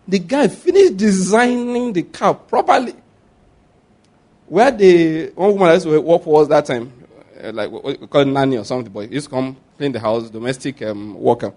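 A man in his forties preaches with animated stories. He breaks into laughter often and throws questions back at the congregation. His voice sits a little higher than most men's. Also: fairly quick. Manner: animated storytelling with call-and-response questions. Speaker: pastor. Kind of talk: sermon.

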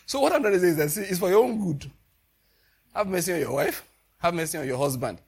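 A man's voice: sits high, lively intonation, fast talker, a little mellow, breathy edge. A man preaching a sermon in a loose, conversational way, often breaking into laughter as he tells stories. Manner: laughs often, chuckling storyteller. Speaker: pastor.

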